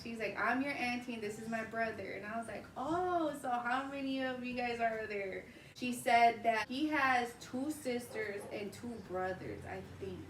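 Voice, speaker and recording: Vlog host, woman in her 30s, chatty storyteller, slightly high voice, mic set back from her. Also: moderate pace, slight background noise. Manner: animated, laughing as she retells the story. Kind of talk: casual storytelling. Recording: roomy, distant mic, faint ambience.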